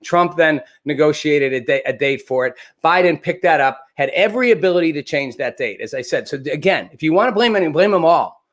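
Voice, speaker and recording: A man's voice: fairly high pitch, lively intonation, a little fast. A man hosting a live political commentary show, talking casually and animatedly, often restarting with repeated words. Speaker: host.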